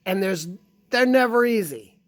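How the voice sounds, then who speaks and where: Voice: medium pitch, expressive, measured pace, a bit bright. A small-town vlogger telling a casual, rambling, profane story and grumbling about work.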